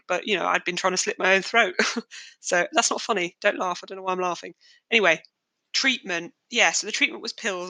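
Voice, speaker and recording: A woman's voice: lowish voice, pushed and bright, dry recording, rough recording. A young woman, hosting a podcast and telling her own story in a candid, wry, darkly joking way. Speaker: podcast host. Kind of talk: personal storytelling monologue.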